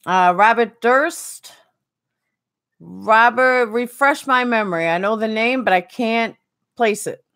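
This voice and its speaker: A woman's voice: on the high side, slow pace, fairly bright tone. A woman streaming a game, chatting casually and answering viewers by name. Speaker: game streamer reading chat. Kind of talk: casual chat while gaming.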